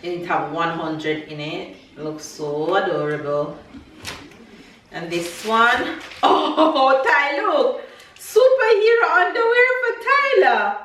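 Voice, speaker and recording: A woman vlogging as she unboxes a gift package with her child, speaking gently and sounding emotional, between teary and laughing. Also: medium pitch, animated, slow pace, heavy reverb, distant mic, a little hiss or hum. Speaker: vlogger, mother. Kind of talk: casual family vlog, unboxing a package.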